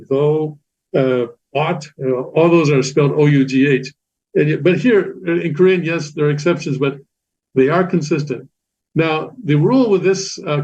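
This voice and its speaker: Male teacher, fairly high voice, patient and repetitive with lots of "uh"s, dull lo-fi recording. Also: darkish tone. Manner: patient, repetitive, many fillers and restarts. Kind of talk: classroom lecture explaining Korean letters. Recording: dull lo-fi sound.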